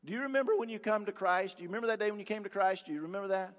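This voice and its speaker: High-pitched pastor guy preaching hard, lots of repeats and questions, long echo in a big church. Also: racing. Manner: emphatic preaching, rhetorical questions, repeats words for force. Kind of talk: sermon. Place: church sanctuary. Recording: long reverb of a large church hall.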